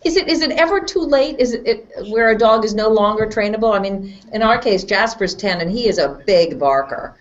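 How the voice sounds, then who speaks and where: A woman hosts an online interview and reads out questions from viewers in a friendly, easygoing way. Her pitch sits in the middle range. The audio is dull and muffled, like sound from a video call. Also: animated, a little fast, few pauses. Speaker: host.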